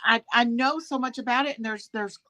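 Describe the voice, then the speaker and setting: A woman's voice: fairly high pitch, brisk, sharp tone, rough recording. A woman in casual gossip chat, talking freely and often laughing. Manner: chatty, laughs often, quotes others in put-on voices.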